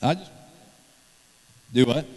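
A guest preacher holds a handheld mic in a church sanctuary, joking and rambling conversationally between the points of his sermon. His medium-pitched voice is darkish in tone and unhurried, with a long reverb tail.

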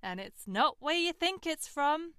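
A woman's voice: high voice, expressive, unhurried, bright, forceful tone, no echo, clean studio sound, voice pushed up, exaggerated voice. A woman mimicking her smug, mocking young boyfriend in a storytelling monologue.

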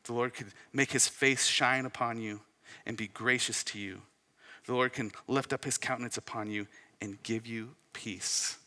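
Bright-voiced male pastor preaching. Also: mid-range voice, fairly even intonation, normal speed, long reverb tail. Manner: swings from loud emphatic peaks to soft hushed asides. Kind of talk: sermon.

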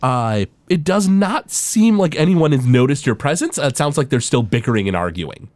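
A man's voice: mid-range voice, expressive, normal speed, a little mellow, a little hiss or hum. A man running a tabletop game as game master, narrating with many hesitant fillers.

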